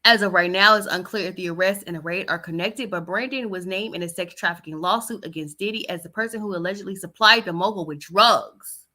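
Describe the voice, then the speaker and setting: Brisk and barely pausing, this young woman's voice sits on the low side yet sounds bright and forceful. As a podcast host she reads out celebrity news and riffs on it with chatty sass in casual gossip commentary.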